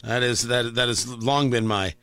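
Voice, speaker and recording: A man's voice: medium pitch, steady tone, normal speed, sharp tone, no echo. A man hosting a morning radio show, joking and stammering as he chats. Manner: joking, stammering, repeats words. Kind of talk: casual morning radio chat.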